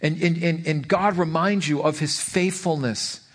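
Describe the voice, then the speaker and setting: A man's voice: fairly high pitch, measured pace. A middle-aged man, a pastor, preaching a conversational sermon full of personal stories and rhetorical questions, often repeating words as he goes.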